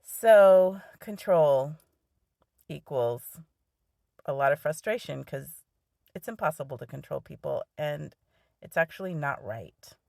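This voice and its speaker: A woman's voice: deep voice, expressive, slow, gravelly, pauses often, darkish tone, no room sound, studio quality. A woman telling a personal story in a casual way, often laughing as she goes. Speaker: vlogger.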